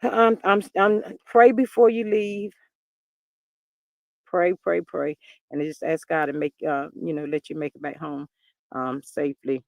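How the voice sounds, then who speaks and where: A man in his fifties hosting a livestream, chatting in an expressive way, reading viewer comments and often calling listeners "child". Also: on the high side, unhurried, creaky, no room sound, studio quality. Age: 50s. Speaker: livestream host.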